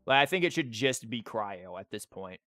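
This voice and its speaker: A man's voice: lowish voice, expressive, moderate pace, pushed and bright, dry recording. Rambling casual male streamer. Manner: rambling, filler-heavy, full of "like" and restarts. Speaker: streamer and teacher. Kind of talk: casual live-stream chat while theorycrafting. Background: faint music.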